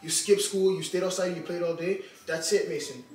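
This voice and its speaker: A woman's voice: fairly low pitch, fairly even intonation, a little fast, far from the mic. Stern scolding woman in an echoey room. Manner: stern scolding that turns to loud laughter. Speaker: parent pranking her child. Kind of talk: casual family vlog.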